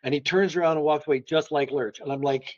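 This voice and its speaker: Man telling lively anecdotes, slightly muffled. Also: fairly high pitch, fast. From Florida. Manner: lively storyteller. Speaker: guest, art historian. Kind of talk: conversational anecdotes.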